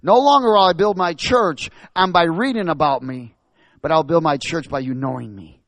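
A man preaching a sermon, asking the congregation questions and building to loud, emphatic bursts. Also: on the high side, moderate pace, no room sound.

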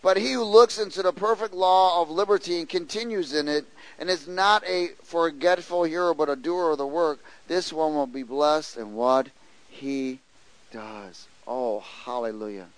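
Man preaching, storytelling sermon, acts out voices, slightly high voice. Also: normal speed, rough recording. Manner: animated storytelling, acts out voices, frequent restarts. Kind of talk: sermon with personal stories.

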